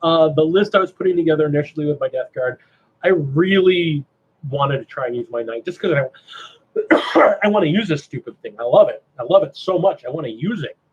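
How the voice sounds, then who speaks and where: A man hosting a casual livestream chat, animated and asking himself rhetorical questions. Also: fairly high pitch, moderate pace, breathy edge, highs cut off. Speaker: stream host.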